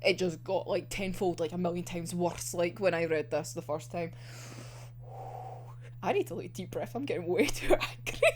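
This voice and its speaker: A young woman giving a casual anime commentary, animated and heated, swearing a lot and filling with "like". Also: lowish voice, normal speed, a little hiss or hum. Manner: animated, heated, heavy swearing, many fillers. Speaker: anime reviewer.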